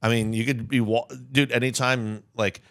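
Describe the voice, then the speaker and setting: A man co-hosting a podcast in casual chat, full of crude jokes and quick comebacks. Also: mid-range voice, little pitch movement, a bit bright, dry recording, clean studio sound. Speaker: podcast co-host.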